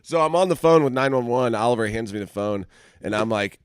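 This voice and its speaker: A man's voice: mid-range voice, fairly quick, clear, resonant tone, no echo, studio quality. A man, co-hosting a casual podcast, telling a story with lots of laughter, swearing and acted-out quotes. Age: 40s. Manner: animated, profane, laughs often, acts out quotes. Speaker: podcast co-host.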